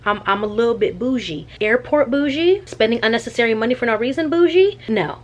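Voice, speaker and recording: Chatty, animated young woman vlogger. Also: a little high, fairly quick, dull audio. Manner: animated and chatty, with slangy asides. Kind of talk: casual storytime vlog.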